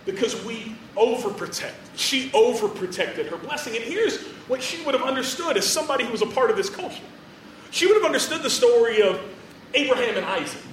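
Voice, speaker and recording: High-voiced man preaching casually. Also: fairly bright tone, echoey room, recorded from a distance, a little hiss or hum, poor audio. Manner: chatty, joking, many fillers. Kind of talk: casual storytelling sermon.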